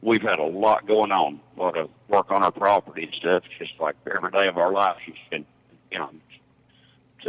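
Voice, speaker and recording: A middle-aged truck driver calling in by phone, chatting easygoingly with lots of fillers. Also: male voice, sits low, a bit bright. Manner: easygoing, rambling with many fillers. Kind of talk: casual phone chat. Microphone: telephone. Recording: phone line.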